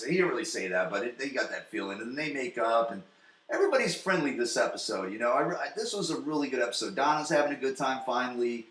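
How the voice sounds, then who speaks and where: A man in his forties hosting a podcast from his basement, recapping an episode in a rambling, profane, excitable way. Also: medium pitch, quick pace, roomy sound. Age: 40s. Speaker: podcast host. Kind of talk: casual solo recap. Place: home basement.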